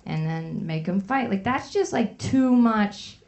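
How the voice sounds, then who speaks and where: A woman's voice: mid-range voice, expressive, a little slow, a little mellow. A woman comedian ranting profanely, with lots of filler words. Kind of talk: stand-up rant.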